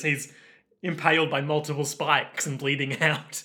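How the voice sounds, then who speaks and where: A man co-hosting a podcast, casually recapping a story and joking, slipping into quick quoted voices. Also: a little high, level tone, sharp tone. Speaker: podcast co-host. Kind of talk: casual comedic recap chat.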